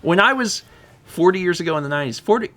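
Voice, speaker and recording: A man's voice: sits high, animated, fast talker, a bit bright, soft background music. A man streaming a video game, chatting casually and rambling with frequent self-corrections. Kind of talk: casual gameplay chat.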